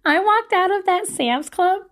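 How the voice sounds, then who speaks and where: A woman in her thirties chatting casually to camera at home, animated and swearing, acting out voices as she tells stories. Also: very high-pitched, unhurried. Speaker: vlogger giving life advice.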